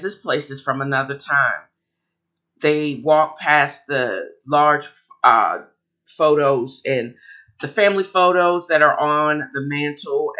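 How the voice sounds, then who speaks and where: Slow, leisurely middle-aged woman storyteller. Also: low voice, bright, forceful tone, lo-fi sound. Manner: leisurely, with asides and fillers. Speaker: storyteller reading her own script. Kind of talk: casual story narration.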